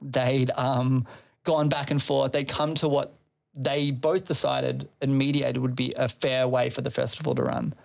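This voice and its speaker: Gravelly man swearing through a rambling story. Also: medium pitch, animated, measured pace. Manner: profane, rambling, laughs between phrases. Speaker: festival organizer. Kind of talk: casual storytelling chat.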